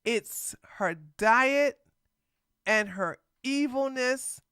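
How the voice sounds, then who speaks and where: A woman giving reaction commentary in a clear, dry voice. She speaks slowly and sits a little high in pitch, blunt and sassy with frequent laughs. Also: a bit bright, dry recording. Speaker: commentary host.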